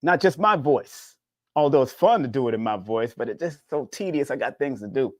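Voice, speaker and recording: Man, spiritual teacher type, casual preachy talk with big pitch swings, dry recording. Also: expressive, fairly quick, no room sound.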